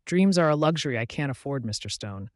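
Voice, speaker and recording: A grieving young waitress who once lived for the violin, voiced plainly by a man. She speaks softly and hesitantly, tired and resigned. The sound is dry and close. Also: mid-range voice, animated, brisk, no room sound, lightly acted. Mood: sad, resigned.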